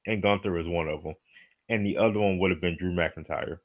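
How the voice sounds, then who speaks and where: A man co-hosting a casual wrestling podcast, relaxed and agreeable, often asking "you know what I mean?". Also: sits low, brisk, narrow, tinny audio. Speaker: podcast co-host.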